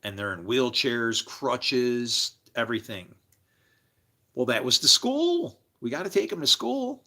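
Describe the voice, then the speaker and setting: A man livestreaming, telling rambling personal stories in a loose, animated way, laughing and swearing freely as he jumps between tangents. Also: mid-range voice, a little slow. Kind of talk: casual rambling storytelling.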